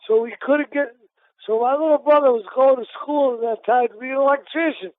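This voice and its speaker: A man's voice: very high voice, fairly even intonation, brisk, dry recording. A middle-aged man from Massachusetts, a retired boxer, telling rambling stories with many restarts and repeats in a casual interview. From Massachusetts, USA. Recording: tinny phone line on a radio show.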